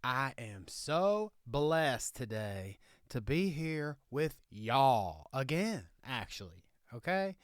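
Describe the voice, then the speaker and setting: A man's voice: medium pitch, big pitch swings, slow, no room sound, studio quality. A man playing a boastful, folksy redneck lawyer in a comic monologue, with a put-on Southern drawl that slips in and out. He keeps tagging his sentences with "okay?".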